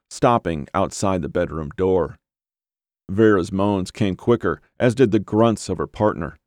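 Deep-voiced male horror audiobook narrator. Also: a little mellow, dry recording, clean studio sound.

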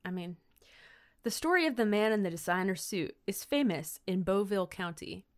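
A woman's voice: mid-range voice, lively intonation, moderate pace. A woman co-hosting a podcast, casually recapping a TV episode in a rambling way, full of "like" and "um". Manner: rambling, full of "like" and "um", acts out quotes in silly voices. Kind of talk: casual comedic recap chat.

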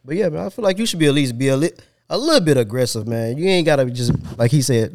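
Podcast host, man, animated and quick, slangy joking banter. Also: medium pitch.

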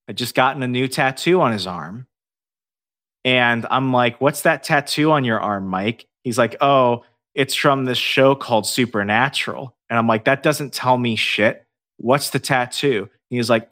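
A man telling a ghost-hunting story in casual podcast chat, swearing freely and acting out what everyone said. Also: medium pitch. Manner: profane, animated storyteller acting out dialogue. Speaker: podcast guest, paranormal investigator.

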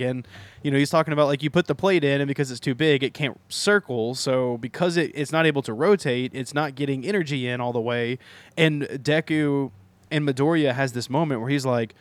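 A man co-hosting a casual podcast chat, an animated storyteller who retells scenes and laughs often. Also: medium pitch, fairly quick, dry recording. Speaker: podcast co-host. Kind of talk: casual chat recapping anime episodes.

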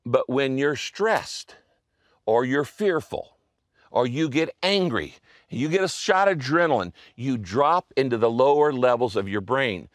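A man's voice: medium pitch, lively intonation, a little slow, no echo, clean studio sound. A male pastor preaching a sermon in a conversational way, often checking in with the listener and acting out inner thoughts.

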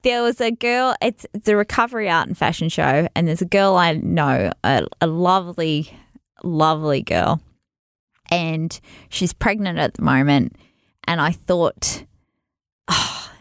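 A woman with a lowish, gravelly voice tells a story in casual chat, animated and laughing often. She acts out what people said. The sound is dry and close. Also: a little slow, dry recording.

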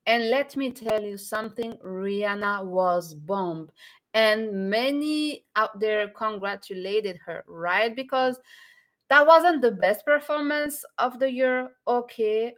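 A woman co-hosting a casual live-stream morning chat, animated, laughing often and speaking straight to viewers. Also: a little high, slow. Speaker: co-host.

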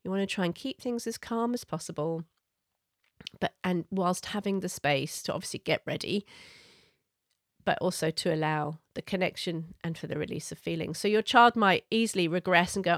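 A middle-aged woman coach giving parenting advice in an earnest, gentle, conversational way. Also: on the low side, normal speed, no echo, clean studio sound.

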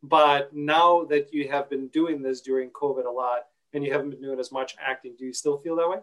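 A man hosting an interview, asking long rambling questions in an easygoing way with many pauses. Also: mid-range voice, steady tone, fairly bright tone, low-quality recording. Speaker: interviewer and actor.

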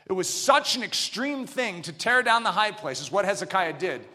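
Bright, forceful man delivering a sermon, pitched high with his voice leaping all over the place. He lurches from hushed, almost whispered lines to loud shouts, and his words ring out with the long reverb of a large church. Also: sing-song, normal speed. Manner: dramatic, swings from near whispers to shouts. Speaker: pastor.

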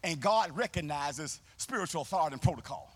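A man pastor preaching a sermon live in a church, with a call-and-response, sing-song delivery that swells into shouts, and folksy, colloquial phrasing. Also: on the high side, lively intonation, brisk. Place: church sanctuary, live service.

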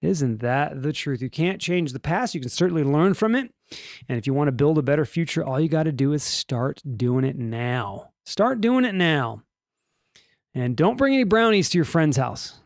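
Male podcast host, slightly high voice, dry close sound, chatty and joking, rambles off topic. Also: expressive, normal speed, darkish tone, dry recording. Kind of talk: casual news podcast chat.

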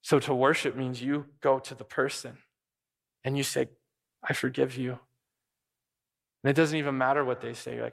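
A man preaching a sermon on a Bible passage, animated, often acting out imagined voices in a raised pitch. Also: a little fast, gravelly, long pauses. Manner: animated, acts out quoted voices in higher pitch. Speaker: pastor.

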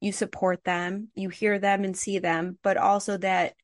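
An enthusiastic woman hosting an interview, her voice sitting mid-range. She encourages her guest warmly, and the recording is close and dry, with no room echo. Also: medium pitch, little pitch movement, unhurried. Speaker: interview host. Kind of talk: conversational interview.

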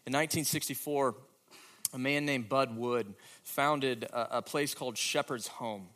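A man preaching a sermon with a dramatic delivery that moves between hushed, quiet moments and emphatic, louder questions. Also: mid-range voice, a little slow. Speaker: pastor.

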